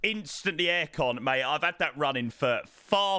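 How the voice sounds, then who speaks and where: A man's voice: high voice, normal speed, hardly any pauses, bright, forceful tone, smooth, dry recording. A man, chatting casually to viewers during a flight sim stream, greeting them by name and repeating words. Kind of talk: casual live-stream chat.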